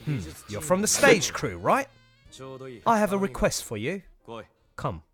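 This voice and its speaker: An imperious young deer, a stage star who gives curt orders, as a man acts him out. His voice is of middling pitch but moves widely. He speaks in a cold, commanding way. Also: sing-song, takes it slowly, fairly bright tone, soft background music. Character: haughty young male deer, star actor.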